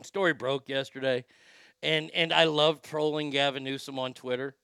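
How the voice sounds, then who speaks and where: A man's voice: mid-range voice, steady tone, normal speed, bright, forceful tone, clean tone, no room sound, clean studio sound. A man hosting a show with sarcastic, profane ranting commentary and frequent stammered restarts. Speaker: podcast host.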